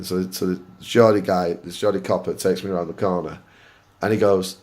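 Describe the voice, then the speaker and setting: A man from Oldham with a Greater Manchester accent, hosting a gaming channel and telling a story in a casual, animated way, swearing freely and laughing at himself. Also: low-pitched, moderate pace. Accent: Greater Manchester English. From Oldham, England.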